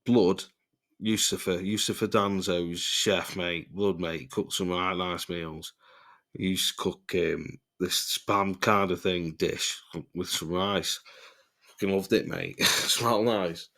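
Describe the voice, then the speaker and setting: A man's voice: deep voice, fairly even intonation, slow pace, fairly bright tone. A man, telling rambling podcast stories full of swearing and laughter. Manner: rambling, swears a lot, laughs mid-sentence. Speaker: podcast host. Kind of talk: casual storytelling.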